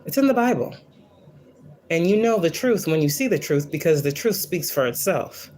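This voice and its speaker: A woman's voice: sits low, animated, normal speed, a little mellow, a little hiss or hum. Blunt, profane woman preaching spirituality. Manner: emphatic, repeats lines for stress. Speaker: spiritual reader and livestream host. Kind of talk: casual spiritual livestream rant.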